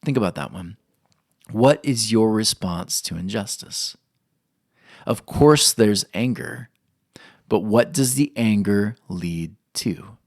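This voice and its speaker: A man's voice: lowish voice, expressive, takes it slowly, dry recording, clean studio sound. Earnest man preaching a sermon. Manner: earnest, asks the listeners questions. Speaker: pastor.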